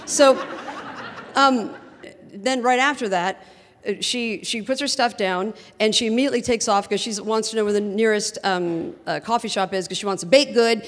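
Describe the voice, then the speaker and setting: A woman telling a personal story on stage in an animated, humorous way, often laughing as she talks. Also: medium pitch. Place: theater stage before a live audience. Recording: long theater reverb.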